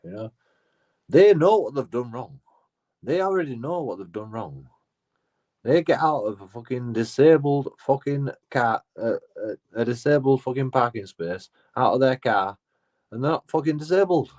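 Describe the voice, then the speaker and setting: A man's voice: medium pitch, animated, normal speed, darkish tone. A man rambling casually in a profane, repetitive monologue, restarting his phrases as he talks. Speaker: auditor vlogger.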